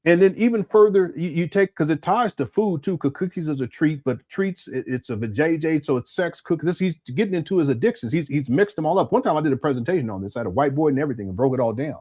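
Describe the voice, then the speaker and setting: A man's voice: a little high, animated, quick pace, hardly any pauses, dark tone. A man from Southern California talking casually as a live-stream commentary host, often repeating words and answering chat comments.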